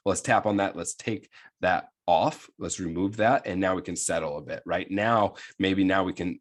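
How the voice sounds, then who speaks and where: Deep-voiced man coaching, rambling with fillers. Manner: rambling, many fillers and tag questions; coarse and plain-spoken. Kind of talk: casual teaching talk.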